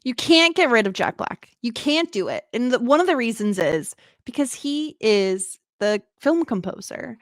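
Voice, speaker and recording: A woman co-hosting a podcast, chatting casually about a film in an animated, playful, emphatic way. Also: fairly high pitch, normal speed, few pauses, no room sound, studio quality. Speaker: podcast co-host. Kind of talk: casual chat.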